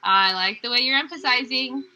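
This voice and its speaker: A woman teacher on a video call, slowly and clearly modeling words for young students to repeat and praising them. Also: sits high, bright, forceful tone, rough recording. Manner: encouraging praise. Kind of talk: online reading lesson with young students.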